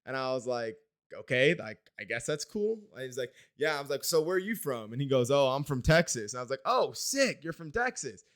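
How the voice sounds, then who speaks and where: A man's voice: mid-range voice, sing-song, a little fast, a bit bright. Young man, late 20s, casual vlogger, rambling, self-deprecating, salty language. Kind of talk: casual personal vlog storytelling.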